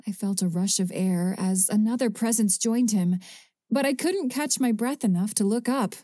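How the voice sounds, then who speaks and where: An audiobook narrator, a mellow woman, reads first-person narration at a moderate pace in a medium-pitched voice. The studio sound is clean, with no echo.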